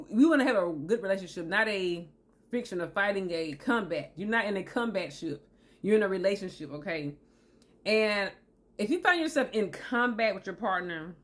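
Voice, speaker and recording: A woman speaks straight to her viewers in a casual, preachy way. She leans on repetition and fillers like "you know," driving each point home with emphasis. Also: medium pitch. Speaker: motivational video host and author. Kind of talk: casual direct-to-camera talk on relationships.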